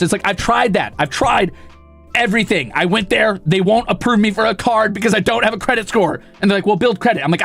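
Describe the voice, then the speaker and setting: Wysoki, chropawy głos mężczyzny. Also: male voice, high-pitched, fairly quick, gravelly. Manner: profane, animated storytelling with voiced quotes. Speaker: streamer. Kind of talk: casual chat. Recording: faint music behind.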